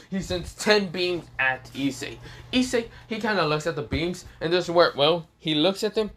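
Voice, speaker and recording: A man's voice: a little high, fairly bright tone. A man casually narrating a fan story off the cuff, rambling with many fillers and restarts.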